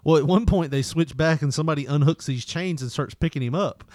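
A man's voice: fairly high pitch, a little fast, darkish tone, no echo. A man hosting a podcast, chatting casually and laughing as he retells comedy sketches in put-on voices. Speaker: podcast host.

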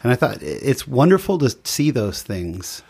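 A man's voice: mid-range voice, sing-song, normal speed, creaky, a little mellow, breathy edge. A man interviewing a guest in a casual chat, friendly and encouraging with joking asides.

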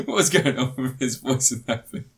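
Tired bloke rambling about a movie, swears a lot, um and like everywhere. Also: male voice, mid-range voice, very animated, normal speed. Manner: rambling, sweary, full of fillers and restarts. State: tired, yawning. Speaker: podcast host reviewing a film. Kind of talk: casual chat.

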